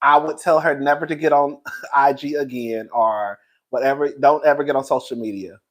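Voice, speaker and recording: Male livestream host, mid-pitched, gossipy, keeps laughing as he talks. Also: fairly even intonation, fairly bright tone, poor audio. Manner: laughs often, drawn-out, gossipy. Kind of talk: gossip commentary.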